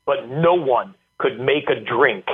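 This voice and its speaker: A man voicing a booming, old-school male head football coach who proclaims with great conviction, heard over a tinny phone line. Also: takes it slowly, slightly rough. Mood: proclaiming.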